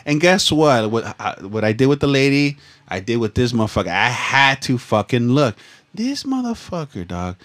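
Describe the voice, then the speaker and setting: A man's voice: mid-range voice, big pitch swings, moderate pace, fairly bright tone. A young man from Southern California, telling a rambling, profane story in casual chat full of slang and restarts. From Los Angeles, USA.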